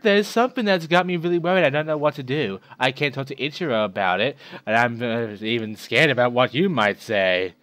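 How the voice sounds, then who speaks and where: A man voicing a lovesick middle school girl reading out her love letter in a soft put-on voice. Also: medium pitch, brisk, hardly any pauses, no echo, natural voice.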